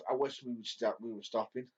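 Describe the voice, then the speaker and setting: A man co-hosting a podcast, giggling a lot and swooping up into high squeals when he laughs or mimics. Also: steady tone, moderate pace. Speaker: podcast co-host. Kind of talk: casual storytelling chat. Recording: dull lo-fi audio.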